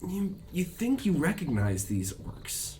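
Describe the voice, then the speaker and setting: A man narrating as game master of a tabletop game, measured and polite with small pauses. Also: high voice, huge pitch swings, a little mellow, a little hiss or hum.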